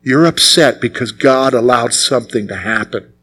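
A man's voice: medium pitch, moderate pace, a bit bright, husky, rough recording. A man preaching a sermon as pastor, emphatic and repeating his key phrases.

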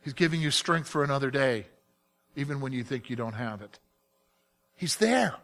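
A man's voice: on the high side, lively intonation, normal speed, sharp tone. A male preacher delivering a sermon in an emphatic way, often asking his listeners direct questions.

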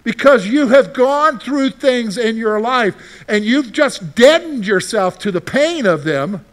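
A man preaching a sermon with a high, lively voice that rises and falls widely. He keeps turning to the congregation with rhetorical questions. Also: takes it slowly. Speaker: pastor.

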